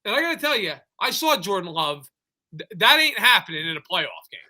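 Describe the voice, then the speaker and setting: A man co-hosting a sports podcast, talking casually and ranting excitedly with frequent restarts. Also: high-pitched, brisk. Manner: excitable, animated rants with lots of restarts. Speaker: podcast co-host.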